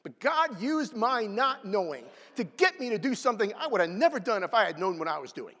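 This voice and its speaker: A man preaching a sermon with dramatic swings between loud exclamations and hushed whispers. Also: high voice, sing-song, a little fast. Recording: long reverb of a large hall.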